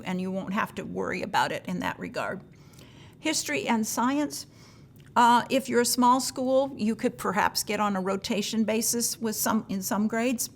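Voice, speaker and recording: A woman leads a training session for teachers. She talks in a relaxed, folksy way and often pauses on an um or uh. Now and then she voices a teacher's question in a raised tone. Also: medium pitch. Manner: frequent fillers, gentle advice.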